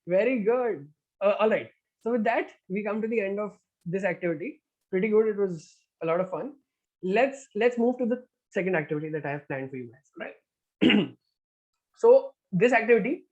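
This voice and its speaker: Over dull, lo-fi call audio, a man with a voice that sits high and a slightly mellow tone hosts an online group activity. He's chatty and encouraging, frequently saying "all right."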